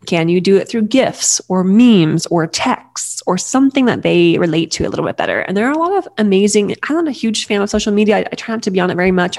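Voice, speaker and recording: A woman in her thirties talks in a relaxed, chatty way, with a low voice and a gravelly edge. She often restarts sentences and drops in fillers as she gives friendly advice. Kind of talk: casual advice talk.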